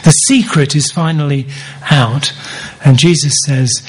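Male preacher, sermon delivery; slightly high, breathy voice, deliberate phrasing. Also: rough recording. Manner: deliberate, repeats key phrases for emphasis.

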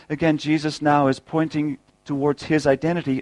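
Earnest preacher, dry close sound. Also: male voice, on the high side, level tone, moderate pace, few pauses, a little mellow, dry recording, low-quality recording. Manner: earnest, rhetorical questions, repeats words. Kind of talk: sermon.

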